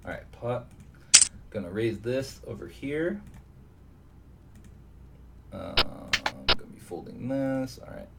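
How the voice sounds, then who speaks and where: An online poker player with a low, gravelly voice mutters slowly to himself, with long pauses, as he commentates live on his own session and thinks aloud. The mic is distant, and steady background noise runs underneath.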